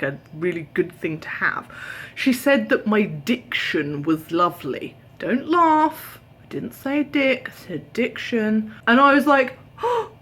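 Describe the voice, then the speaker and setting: A woman's voice: mid-range voice, husky. A tired young British woman chatting to her camera at home, telling stories animatedly, acting out voices and sometimes dropping to a whisper. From Britain. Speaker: vlogger. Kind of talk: casual chat. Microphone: camera held at arm's length.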